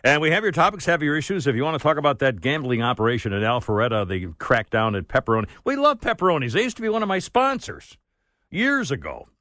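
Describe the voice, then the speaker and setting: A man's voice: a little high, sing-song, fast, pushed and bright, no room sound. A man hosting a talk radio show, chatting casually and rambling with asides and restarts. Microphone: studio microphone.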